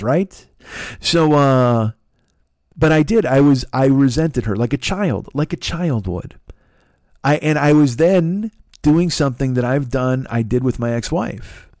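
A man's voice: medium pitch, a little mellow, no echo. Profane, rambling man on a dry mic. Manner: profane, rambling, self-deprecating, many restarts. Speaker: podcast host. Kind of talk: confessional solo monologue.

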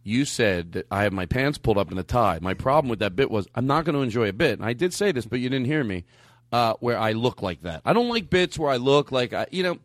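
A middle-aged man hosting a comedy podcast, rambling excitably and laughing often in casual banter. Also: mid-range voice, fast, dry recording, clean studio sound. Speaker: host.

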